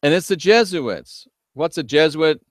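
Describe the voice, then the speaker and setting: Male host, slightly high voice, shouts emphatically while chatting with a live audience. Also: expressive, a little slow, no room sound, studio quality. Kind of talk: livestream talk reading viewer chat.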